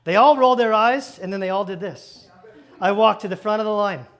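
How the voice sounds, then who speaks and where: A man with a very high-pitched voice preaches by storytelling. He acts out each exchange in animated bursts and throws quick asides to the congregation from a church stage. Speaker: pastor. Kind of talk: storytelling sermon.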